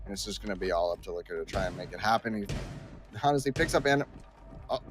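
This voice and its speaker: A man casting a live esports match, talking quickly through play-by-play and analysis in a chatty, easygoing way. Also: fairly low pitch, animated. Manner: talkative, quick asides, apologetic host patter. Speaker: esports caster.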